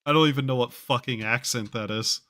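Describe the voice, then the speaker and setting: A man's voice: mid-range voice, fairly quick, bright, forceful tone. A man streaming a game, chatting casually in a rambling, wry and self-mocking way, with offhand swearing. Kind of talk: casual live-stream chatter while gaming.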